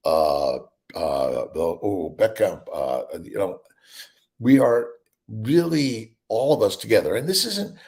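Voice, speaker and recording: A man's voice: on the low side, vocal fry. A middle-aged male doctor hosting a casual morning livestream, rambling and upbeat as he greets viewers by name. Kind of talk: casual livestream chat reading viewer comments.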